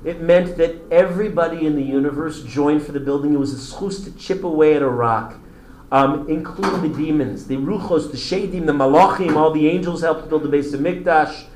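A man lecturing to a class in a slightly high voice, telling stories with eager enthusiasm and answering students' interruptions. The classroom is roomy and echoes around him. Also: a little fast, darkish tone, slight background noise. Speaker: teacher.

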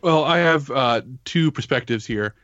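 A man co-hosting a casual discussion podcast, speaking in a measured, thoughtful way with some filler words. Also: mid-range voice, a bit bright, no echo, lo-fi sound. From raised in the United States. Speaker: podcast co-host.

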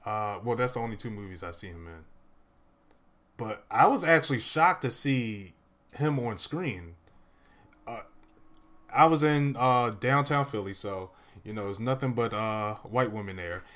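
A man's voice: on the low side, expressive, unhurried, fairly bright tone. A young man hosting a casual movie review chat, rambling through his recap with lots of "uh" and "like".

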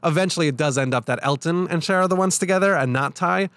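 A man's voice: a little high, fast, a bit bright, a little hiss or hum. A man co-hosting a podcast, chatting eagerly and acting out quotes from the film. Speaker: podcast co-host. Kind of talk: casual chat.

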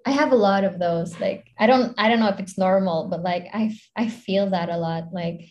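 A woman's voice: mid-range voice, normal speed, darkish tone. A young woman with a Filipino accent, a content creator chatting casually as an interview guest, rambling with lots of fillers and giggles.

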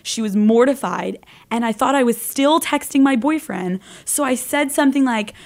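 A woman's voice: on the high side, normal speed. A young woman co-hosting a podcast, chatting casually in a blunt, crude way. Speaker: podcast co-host. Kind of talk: casual chat.

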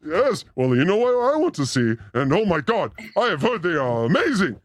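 A man with a fairly high, very animated voice hosts a podcast at normal speed, full of crude, theatrical joking and casual banter. The audio is dry and clean, studio quality.

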